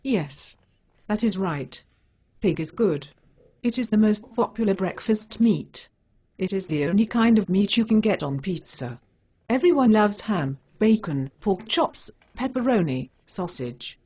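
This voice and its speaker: A woman's voice: mid-range voice, animated, a little slow, a little mellow, breathy edge. A female synthetic voice playing a stubborn, bacon-loving cat superhero who talks in blunt, plain statements. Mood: defensive. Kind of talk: synthetic animated dialogue.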